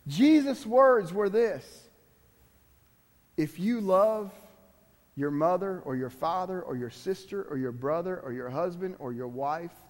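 A high-voiced man preaches a sermon as a guest speaker. He is emphatic but conversational and keeps turning to the congregation with asides. His voice rings out with a long echo in a church hall. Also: expressive, unhurried, a little mellow.

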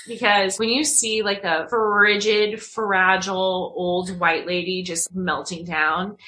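Young woman, bright tone, loose chatty storyteller with lots of laughs. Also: medium pitch, flat delivery, slow, rough recording. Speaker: podcast co-host. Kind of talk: casual chat.

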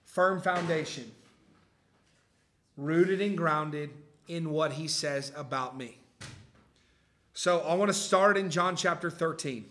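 Male pastor, slightly high and forceful voice, conversational sermon to a live church. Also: takes it slowly, pauses often. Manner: conversational, keeps checking in with the room. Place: church service before a live congregation.

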